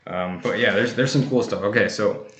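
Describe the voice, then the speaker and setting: A man's voice: fairly low pitch, moderate pace, a bit bright, echoey room, a little hiss or hum. A man hosting a casual livestream, chatting easily while he opens fan mail, with many fillers and restarts. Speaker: coin collecting channel host.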